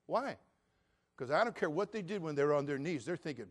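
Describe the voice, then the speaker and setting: An older male pastor in his sixties preaches with animated storytelling, acting out the voices in Bible stories. His voice sits a little higher than most men's. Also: normal speed, long pauses. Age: 60s. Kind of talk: sermon.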